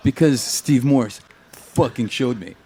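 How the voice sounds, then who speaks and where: A man chatting casually as a guest, telling lively anecdotes, acting out what others said and swearing freely. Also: medium pitch, slow, slight background noise. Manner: animated anecdotes, acts out quoted voices, swears. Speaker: guest guitarist. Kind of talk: casual storytelling chat.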